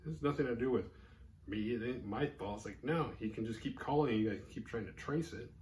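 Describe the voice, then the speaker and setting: A man's voice: medium pitch, fairly quick, slight background noise. A man casually recapping a horror movie, acting out the characters' lines as he tells it. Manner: animated, acts out characters' lines mid-recap. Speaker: horror movie podcast host.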